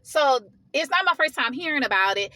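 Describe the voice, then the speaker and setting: Casual woman vlogger, fairly high and bright, venting hard in slangy talk. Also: a little fast, dry recording. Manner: animated, venting, heated. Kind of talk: casual storytelling vlog.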